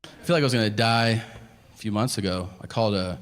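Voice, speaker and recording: A man in his thirties doing a stand-up comedy set, telling stories deadpan and acting out the other voices. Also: fairly low pitch, fast talker. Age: 30s. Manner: deadpan storytelling with acted-out voices. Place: comedy club stage. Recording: live stage recording with audience noise.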